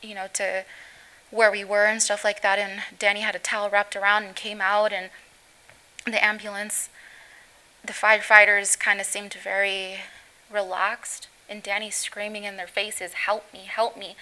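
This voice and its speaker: A middle-aged woman telling an interviewer about the day her son was hurt. Her bright voice stays on an even, flat pitch, and her sentences halt and break off as she tries to hold herself together. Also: low-quality recording. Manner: halting, voice breaking as she recounts. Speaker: guest, mother of injured teen. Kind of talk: emotional recounting in interview.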